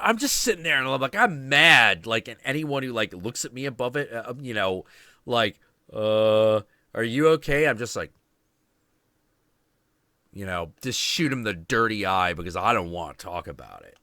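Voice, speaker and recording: Man, animated storyteller, profane, bright voice, dry mic. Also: mid-range voice, normal speed, no echo. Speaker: show host. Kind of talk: casual storytelling on a livestream.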